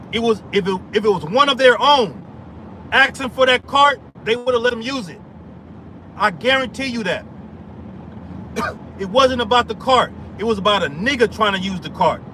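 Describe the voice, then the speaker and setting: A vlogger tells a heated story as a casual rant, stammering, restarting, and repeating himself. His voice is high-pitched, with background noise in the recording.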